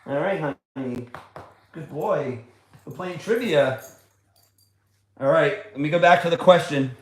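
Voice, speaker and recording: A man's voice: fairly high pitch, unhurried. A man hosting a casual trivia livestream from home, chatty, fond and coaxing as he talks. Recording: echoey room.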